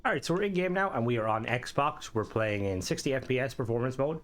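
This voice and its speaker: A man's voice: medium pitch, animated, brisk. A man giving casual gameplay commentary while reviewing a game mod, thinking aloud and reacting as he plays.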